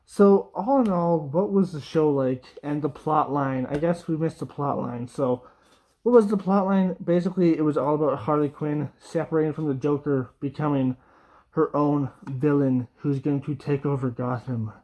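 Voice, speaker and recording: A man's voice: a little high, moderate pace, mellow. A young man giving a casual, rambling review, with lots of fillers and little laughs. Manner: rambling, frequent fillers, laughs, mock quoting voices. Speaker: video reviewer.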